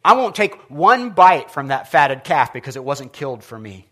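A sulking young man, the older brother, rants defiantly about being left out, as a pastor acts him out in his sermon. His voice sits a little high for a man, and he speaks loudly and quickly, full of indignation. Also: big pitch swings. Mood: indignant.

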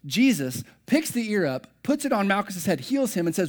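A man's voice: high voice, big pitch swings, normal speed, hardly any pauses. A middle-aged man preaching a sermon, telling personal stories in a conversational, self-deprecating way. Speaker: pastor.

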